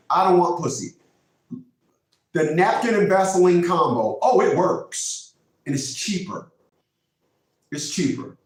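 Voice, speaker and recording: A man in his fifties with a fairly high voice delivers a preachy, emphatic monologue, hammering his points by repeating them. He sits well back from the mic, and the room around him rings with heavy echo. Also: lively intonation, a little slow, long pauses. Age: 50s. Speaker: vlogger host. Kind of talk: casual monologue. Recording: very echoey room, mic far off.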